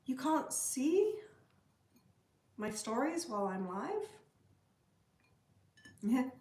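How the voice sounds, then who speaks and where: A woman's voice: sits high, sing-song, extremely slow, a little mellow, echoey room. A woman from Canada hosting a casual livestream, chatting and answering viewer comments. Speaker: livestream host. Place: room at home with a pet bird.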